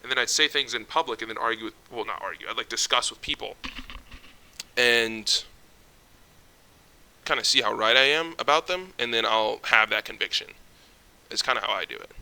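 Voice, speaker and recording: A man's voice: mid-range voice, moderate pace, gravelly, long pauses, sharp tone, smooth. A young man ranting casually to camera, jittery and stumbling over his words, swearing often. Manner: swears often, rambling restarts. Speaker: vlogger.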